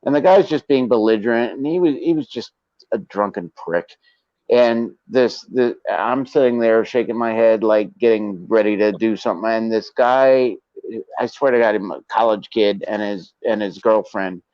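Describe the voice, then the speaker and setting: Male podcast host, low voice, laid-back profane storyteller, dry lo-fi audio. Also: normal speed, no echo. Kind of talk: casual storytelling chat.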